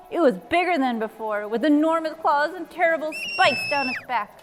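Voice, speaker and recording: A woman's voice: high-pitched, expressive, normal speed, hardly any pauses, big-room sound, soft background music. A woman, a nature center coordinator, reading a children's book aloud expressively with sound effects.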